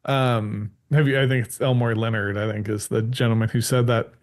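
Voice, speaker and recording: Male podcast host, casual and rambling, lively when quoting others. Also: medium pitch, normal speed. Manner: rambling, many ums and restarts; acts out quoted voices animatedly. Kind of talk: casual chat.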